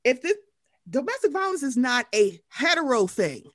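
A woman rants through a casual recap chat, her high voice leaping all over its range. She swears freely and acts out the people she quotes. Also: very animated, normal speed, dry recording, clean studio sound. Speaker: podcast co-host.

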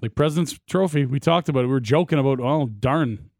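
A man's voice: fairly high pitch, racing, creaky, a little mellow. A man co-hosting a casual sports talk show, making confident, argumentative points.

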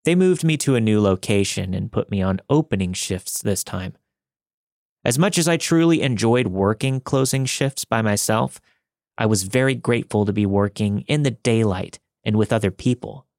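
A man reading listener-submitted true scary stories aloud in a steady, measured, somber storytelling manner. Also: on the low side, creaky, no echo, studio quality. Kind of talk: scripted narration.

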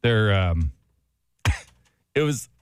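A man's voice: on the low side, lively intonation, drawn-out words, clean tone, no echo. A man hosting a casual radio show, chatting and laughing while he searches for words, and reading a poem aloud.

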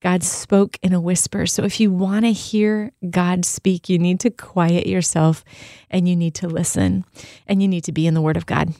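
A woman's voice: fairly low pitch, steady tone, normal speed, warm tone, no echo, clean studio sound. A woman co-hosting a faith podcast, teaching in an upbeat, emphatic way and telling stories as she goes. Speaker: podcast co-host.

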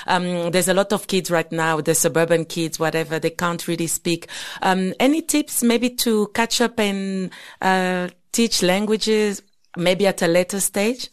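Low-voiced woman co-host, hesitant. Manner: hesitant, many "uh" and "um" fillers. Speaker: podcast co-host. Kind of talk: interview questions.

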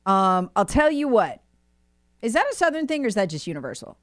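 A woman's voice: medium pitch, big pitch swings, a little fast, dry recording, clean studio sound. A woman co-hosting a radio talk show, chatting playfully and reading listener texts aloud. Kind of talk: casual radio chat.

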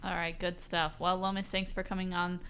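A woman hosting a sports podcast chat, her voice a little sick and under the weather. It still sounds smooth and clear. She is upbeat and quick to laugh as she keeps the conversation moving. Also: lowish voice, level tone, fairly bright tone. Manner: upbeat, laughs easily, asks guest questions. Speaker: podcast host.

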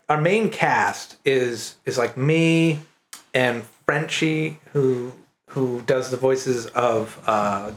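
A man from Maine, a cartoon creator, chatting loosely as a guest, rambling and laughing and dropping into quick character voices. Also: mid-range voice. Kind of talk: casual podcast conversation. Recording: echoey room with faint noise.

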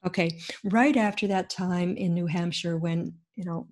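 A woman being interviewed who tells her own story earnestly. She talks in an animated way and acts out the voices of people in it. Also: lowish voice, normal speed. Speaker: interview guest.

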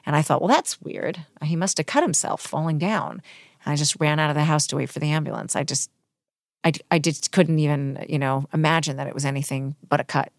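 In a dry, studio-quality recording, a middle-aged woman with a low-pitched voice is interviewed as a guest. She haltingly relives a painful personal story, emotional and restarting often.

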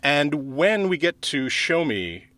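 A man chatting as a podcast guest, bubbling with enthusiasm and tripping over his restarts. His pitch swings widely as he talks. It sounds like relaxed conversation, not a script. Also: takes it slowly, dry recording. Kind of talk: casual chat.

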